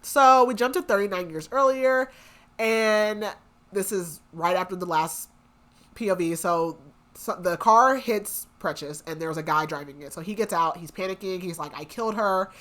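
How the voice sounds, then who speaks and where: A woman's voice: fairly low pitch, normal speed, fairly bright tone. Chatty young woman recapping a book plot. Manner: chatty, lots of "like" and "um", acts out quotes. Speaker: book podcast co-host.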